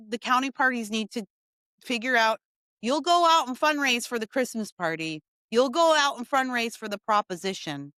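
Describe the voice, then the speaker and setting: A woman's voice: a little high, sharp tone, dry recording, clean studio sound. A woman hosting a podcast, giving a blunt, fired-up opinion monologue full of emphatic repetition. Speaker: podcast host.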